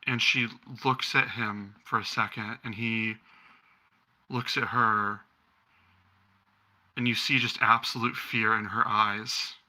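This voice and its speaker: A man's voice: on the low side, flat delivery, slow, pauses often, pushed and bright. A man narrating as game master in a tabletop game, rambling loosely with many ums.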